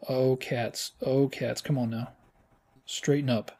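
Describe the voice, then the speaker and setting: A man gives casual, playful commentary while he plays a game, like the host of a gaming channel. His voice is mellow and warm, and it jumps into high squeals at the exciting moments. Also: slow. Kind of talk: casual let's-play commentary.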